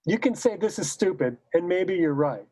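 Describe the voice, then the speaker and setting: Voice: mid-range voice, lively intonation, normal speed, warm tone, no room sound, low-quality recording. A choral conductor leading a recorded teaching seminar. They explain patiently, point by point, and say example words both the wrong way and the right way. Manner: explains patiently, stepping through points one by one. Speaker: choral conductor and clinic leader.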